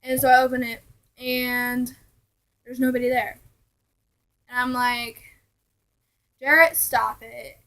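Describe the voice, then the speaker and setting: A young woman casually telling ghost stories to her vlog viewers, chatty and animated, now and then dropping to a hushed aside. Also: fairly high pitch, unhurried, long pauses, poor audio. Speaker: vlogger.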